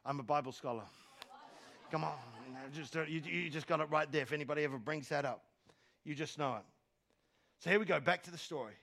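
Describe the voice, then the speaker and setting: A man preaches from a church stage in a slightly raised, gravelly voice. He shifts between quiet asides and loud, rising exhortation, and stumbles over repeated words as he starts a phrase. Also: fairly high pitch, brisk, long pauses. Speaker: pastor. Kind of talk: sermon.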